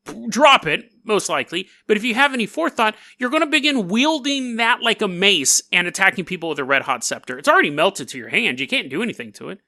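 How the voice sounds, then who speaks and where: A male podcast host tells a history story in a casual, sarcastic way and keeps breaking off for jokes. His voice is bright and sharp, and his pitch swings widely. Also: quick pace, few pauses, dry recording, studio quality. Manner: sarcastic, animated, joking asides.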